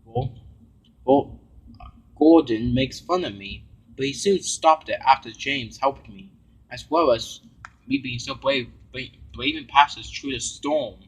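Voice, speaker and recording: A man voicing a proud male engine who talks in a hesitant, halting way. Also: mid-range voice, very animated, vocal fry, slightly rough, heavily acted, rough recording. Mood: earnest.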